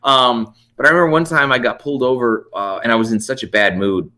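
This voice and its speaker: A man, a podcast guest, telling stories in casual, animated chat full of fillers and swearing. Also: medium pitch, quick pace. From United States.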